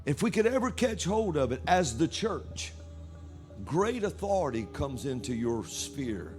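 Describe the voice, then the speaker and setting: A man preaching a sermon at a church service, reading scripture aloud with animated delivery. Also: fairly high pitch, a little slow, soft background music.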